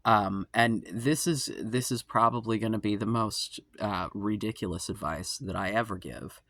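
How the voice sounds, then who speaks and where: A man in his forties talks in a loose, rambling way and drifts off on tangents, swearing freely and joking at his own expense. His voice sits a little low. It is recorded close and dry, with no room sound. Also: moderate pace, a bit bright, no room sound. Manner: profane, self-deprecating, tangent-prone. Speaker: advice podcast host. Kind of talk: casual rambling monologue.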